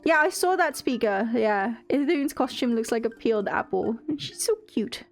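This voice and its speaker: A woman's voice: fairly high pitch, expressive, moderate pace, soft background music. A young woman streaming a game, chatting casually with viewers, reading chat aloud and giggling often. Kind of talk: casual live-stream chat while gaming.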